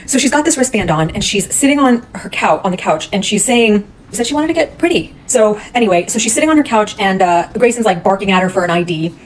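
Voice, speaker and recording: A woman's voice: mid-range voice, lively intonation, quick pace, slight background noise, poor audio. A woman retelling a true crime case in a casual, blunt, heated way, swearing often.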